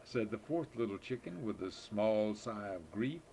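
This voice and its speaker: A man's voice: lowish voice, animated, a little slow, creaky, dark tone, a little hiss or hum. An older man, a grandfather, reading children's poems aloud in a sing-song way, now and then slipping and rereading a line.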